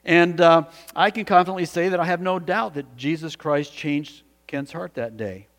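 A man's voice: fairly high pitch, moderate pace, a bit bright. Man, pastor, sermon, earnest storytelling, restarts, long reverb.

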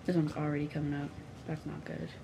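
Lower-voiced young woman rambling casually. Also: little pitch movement, fast talker, vocal fry, noisy background. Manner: rambling, profane and self-mocking. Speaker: vlogger. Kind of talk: casual crafting vlog chat. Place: bedroom, painting on her bed. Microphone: close mic.

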